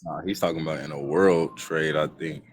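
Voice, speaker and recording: Deep-voiced laid-back man explaining. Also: steady tone, moderate pace, a little hiss or hum. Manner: laid-back, explaining, uses "bro" often. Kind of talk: casual group chat.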